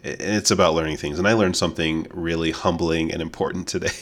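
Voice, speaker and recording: A very deep-voiced man co-hosting a relaxed podcast. He chats easily, laughs often and wanders through his thoughts with plenty of fillers. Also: a little fast. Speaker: podcast co-host. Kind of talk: casual podcast chat.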